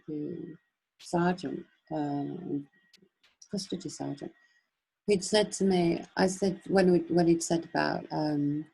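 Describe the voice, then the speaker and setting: A woman telling a long personal story on a webinar, animated, acting out the voices she quotes, with many restarts. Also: deep voice, creaky, breathy edge, poor audio. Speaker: webinar speaker. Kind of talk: casual storytelling.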